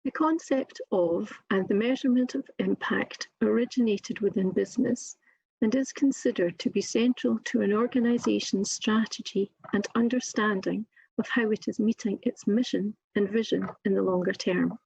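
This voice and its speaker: A woman with a Scottish accent delivering a formal, prepared lecture on occupational therapy in a measured, deliberate way. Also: medium pitch, gravelly, darkish tone, breathy edge, no echo. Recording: muffled lo-fi recording.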